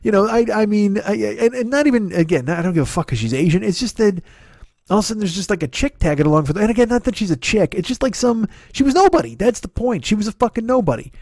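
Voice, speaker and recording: A man's voice: high-pitched, expressive, fast, darkish tone, no room sound, clean studio sound. A man in his forties doing a profane, ranting comedy podcast monologue, full of laughs and restarts. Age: 40s. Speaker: podcast host.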